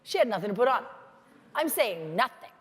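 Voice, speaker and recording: A middle-aged American woman telling stories in a lively, chatty motivational conference talk. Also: fairly high pitch, brisk. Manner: storytelling, animated, chatty with many "like"s. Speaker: keynote speaker. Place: large conference hall. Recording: hall reverb from a stage mic.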